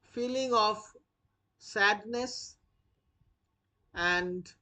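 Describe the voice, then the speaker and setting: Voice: medium pitch, very slow, bright, forceful tone. A teacher dictating notes for a literature lesson, repeating each phrase and spelling out words letter by letter. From India. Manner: frequent "uh" fillers when explaining.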